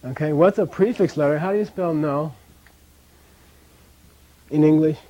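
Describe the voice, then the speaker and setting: A man's voice: a little high, normal speed, highs cut off. A man teaching a language class in a classroom, chatty, often checking in with "okay?" and drilling pronunciation.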